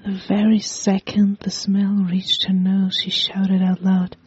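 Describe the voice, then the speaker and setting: A woman slowly whispers a short story in a breathy, hushed voice. The recording is dry, dull and off-mic. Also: medium pitch, completely flat delivery, no echo. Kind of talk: reading a short story aloud.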